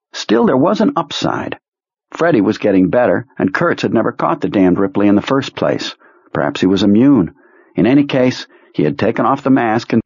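A man reading a novel aloud as an audiobook narrator, in a measured, dramatic way. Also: fairly low pitch, darkish tone, breathy edge, no echo. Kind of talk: scripted narration. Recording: muffled lo-fi recording.

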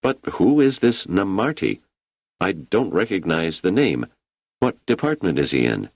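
A man reading as a middle-aged professor who speaks with formal authority. The voice is a touch higher than the reader's own deep tone, lively in pitch, and gravelly underneath. It is recorded dry and close. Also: measured pace, no echo, exaggerated voice. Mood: commanding.

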